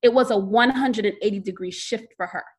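In a quick, medium-pitched voice with a slight roughness, this financial coach guesting on a podcast tells stories with animation. It's a casual interview, and she repeats words to stress them.

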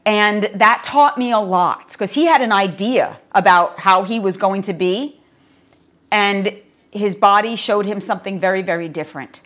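A woman's voice: medium pitch, moderate pace, fairly bright tone. A middle-aged woman, a yoga teacher, talking as a podcast guest in an earnest, reflective storytelling way. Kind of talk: podcast conversation.

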